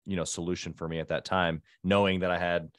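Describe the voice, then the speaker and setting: A man with a very low voice hosts a casual podcast interview, recorded close and dry. he reflects the guest's points back with eager enthusiasm. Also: little pitch movement, quick pace, dry recording. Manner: enthusiastic, sums up and affirms the guest. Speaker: podcast host.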